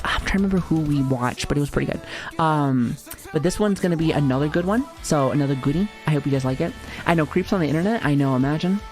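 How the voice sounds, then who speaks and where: A woman in her thirties with a low, darkish voice streams live, chatting casually with her audience. She swears a lot, jokes around, and laughs often.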